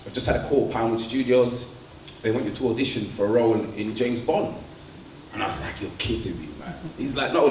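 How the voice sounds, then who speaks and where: A man telling a stand-up story, animated and slangy, laughing at his own jokes. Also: medium pitch. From London. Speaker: stand-up comedian. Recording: echoey room, distant mic, faint noise.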